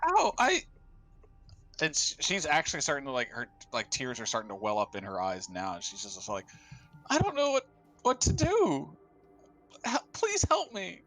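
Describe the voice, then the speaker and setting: A man's voice: on the low side, fairly even intonation, fast talker, hardly any pauses, pushed and bright, soft background music, voice pushed down, rough recording. A man voicing a frightened young woman barmaid, stammering and shaky as she pleads. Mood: desperate.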